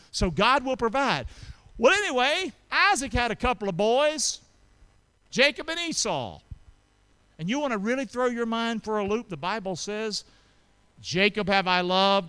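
A man preaching a lively sermon in a high, bright, smooth voice. He calls on the congregation to answer back and moves from loud emphatic lines to quiet asides. The sound is close and dry. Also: unhurried. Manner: preaching with call-and-response to the congregation. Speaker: pastor.

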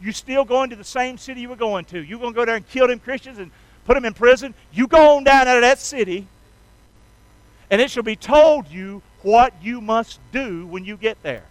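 A man with a strikingly high, smooth voice preaches an energetic sermon. He calls on the congregation to repeat after him in a folksy, emphatic style. The sound is close and dry. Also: normal speed, no echo, low-quality recording. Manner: energetic call-and-response with the congregation. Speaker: pastor.

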